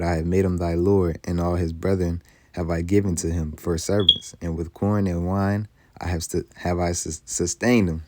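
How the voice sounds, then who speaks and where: A man teaching from the Bible, reading old scripture slowly and then explaining it in loose, casual, emphatic speech. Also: deep voice, a little mellow, no echo. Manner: heated, emphatic commentary.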